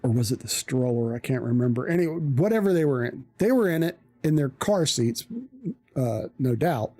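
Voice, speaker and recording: A live streamer telling a story in a casual, animated way, swearing freely. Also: mid-range voice, no echo.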